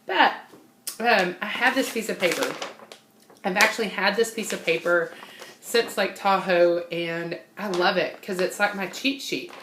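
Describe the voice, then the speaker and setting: A woman's voice: mid-range voice, measured pace, echoey room, background noise. A woman giving an informal, bubbly personality-type training talk, laughing often and unable to sit still.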